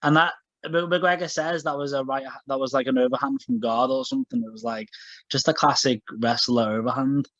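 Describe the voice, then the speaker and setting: A man's voice: on the high side, expressive, a little fast, vocal fry, fairly bright tone, no echo. A man co-hosting a podcast in casual chat, rambling with many fillers and restarts. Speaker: podcast co-host. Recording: dull lo-fi podcast audio.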